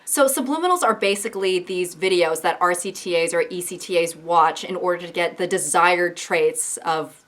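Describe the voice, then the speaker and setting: A woman's voice: fairly low pitch, a bit bright. A woman in her twenties giving casual, sarcastic commentary to camera as a YouTuber. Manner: sarcastic, chatty.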